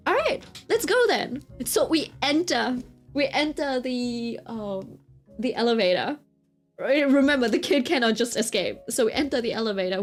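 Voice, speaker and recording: Woman streamer, lively storyteller, fairly high voice, faint music behind. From Britain. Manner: chatty, animated, keeps checking in with listeners. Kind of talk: casual storytelling chat.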